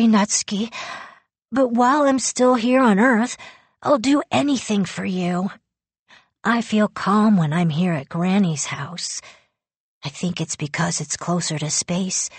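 Woman voicing a quiet, serious young boy. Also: medium pitch, a little slow, breathy edge, dry recording. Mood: gentle, resigned. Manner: calm, earnest, softly matter-of-fact.

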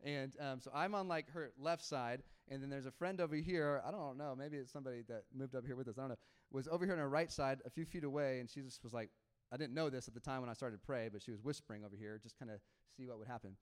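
A young adult man, a pastor, telling a story in a sermon in a casual, animated way with laughs and quoted dialogue. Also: mid-range voice, fast talker, clear, resonant tone.

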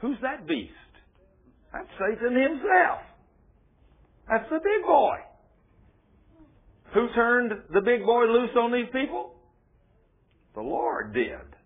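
A man's voice: very high voice, sing-song, slow pace, pauses often, slightly rough. A man preaching a sermon in a folksy, emphatic way, full of rhetorical questions. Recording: tinny phone-like radio broadcast.

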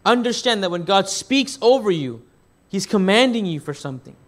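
Male pastor with a fairly high voice, animated preaching and storytelling. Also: normal speed. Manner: animated storytelling with big swings in loudness; repeats words when restarting. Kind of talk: sermon.

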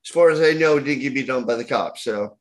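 A man, a tattoo artist guest on a podcast, telling an animated story in casual chat with lots of fillers. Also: mid-range voice, fast talker.

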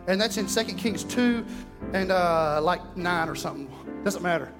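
A man preaching a fervent, folksy sermon in a church, breaking into shouts. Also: high-pitched, normal speed. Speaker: pastor. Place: church sanctuary. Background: music.

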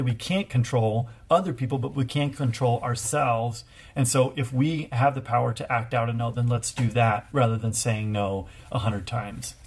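A man in his thirties co-hosting a casual chat, giving parenting advice in an earnest, thoughtful way with frequent halting restarts. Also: mid-range voice, creaky, slightly rough. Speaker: co-host, parent.

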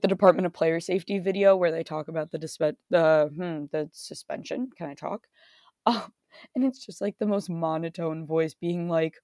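A woman's voice: lowish voice, darkish tone, no echo, clean studio sound. A woman co-host in a casual chat, giggly and rambling with lots of fillers. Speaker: podcast co-host.

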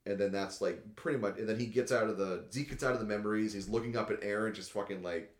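In an echoey room, a man with a fairly low voice rambles fast and excitedly while recapping an anime episode in casual chat. He says "like" constantly and swears often.

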